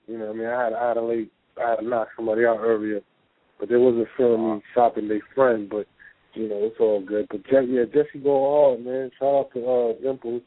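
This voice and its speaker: A man co-hosts a casual call-in talk show, sounding laid-back and profane and laughing often. His mid-range voice is level and fairly quick, coming through a tinny phone line in a dry recording.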